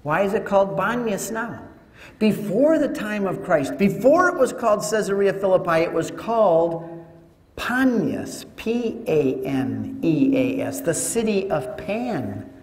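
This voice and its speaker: A man giving a teaching talk to an audience, telling it as an animated story with joking asides. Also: high-pitched, a little slow. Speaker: Catholic speaker. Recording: echoey hall with long reverb.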